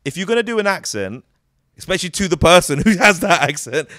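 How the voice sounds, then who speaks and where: A man, a comedian giving a casual interview, animated and jokey, swearing freely and slipping into quick character voices. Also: sits high, dry recording, studio quality. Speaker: comedian and actor, guest.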